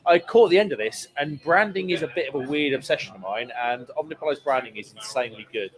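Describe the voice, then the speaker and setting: A man's voice: on the high side, fast talker, rough recording. A man co-hosting a live stream from a pub, reading viewer comments aloud in a playful, jokey way. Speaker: quiz host and co-host. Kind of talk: casual live stream chat. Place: pub taproom.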